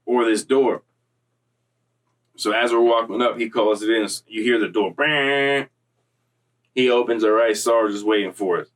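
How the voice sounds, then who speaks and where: A young man from Florida spins a casual, animated story in heavy street slang, acting out the other people as he goes. His pitch sits in an ordinary middle range. He sounds a little distant from the microphone. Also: measured pace, pauses often. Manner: streetwise slang, animated retelling with quoted voices. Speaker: storyteller recounting prison time.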